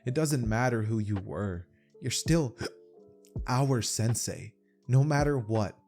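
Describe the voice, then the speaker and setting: A man voicing a loyal teenage schoolgirl in a fan-made anime story, speaking softly. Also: medium pitch, takes it slowly, faint music behind. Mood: reassuring. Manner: soft, quiet.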